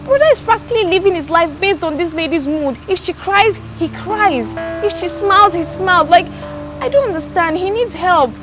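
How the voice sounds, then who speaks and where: An earnest young student sister with a Nigerian accent and a high voice. She pleads with urgency over faint music. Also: lively intonation, moderate pace, rough recording. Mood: pleading. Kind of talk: film drama acting.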